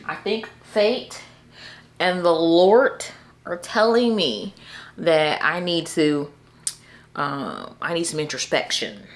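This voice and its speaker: A young woman vlogging casually about her book picks, animated and laughing often as she talks to viewers. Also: on the low side, slow. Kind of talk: casual chat to camera.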